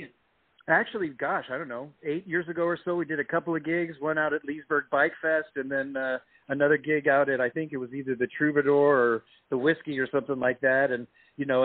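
A man's voice: mid-range voice, no echo. A man from the United States, a guest musician chatting easily about his career in a radio interview. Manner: easygoing, chatty storyteller. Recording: dry phone-line audio.

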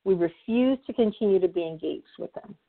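A woman's voice: mid-range voice, a little fast. A woman facilitator talking through a conversational discussion, stressing her points by repeating key phrases. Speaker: guest, nonprofit consultant and facilitator. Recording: tinny phone-like line.

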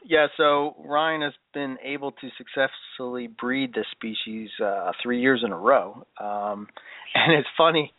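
A man's voice: medium pitch, a little slow, no room sound. A man hosting a podcast in casual chat, hesitant with many fillers and easy laughter. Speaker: podcast host. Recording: dry, tinny phone-like audio.

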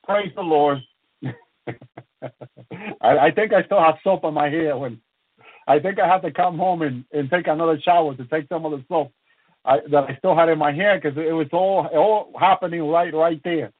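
A man's voice: fairly high pitch, normal speed, no echo. A man minister giving a fervent preaching testimony, breaking off often to praise God, with frequent restarts. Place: lives in the United States. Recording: thin phone-line radio broadcast sound.

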